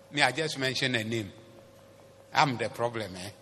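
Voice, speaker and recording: A man preaching a sermon as the pastor. He switches between English and Twi phrases and swings from soft asides to loud, emphatic preaching. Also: medium pitch, normal speed. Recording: long hall reverb with faint noise.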